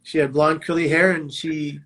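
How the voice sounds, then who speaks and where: A prevention speaker tells his life story at a moderate pace, his slightly high voice fairly bright and level in tone. He makes it vivid and theatrical, leaning on emphatic quotations.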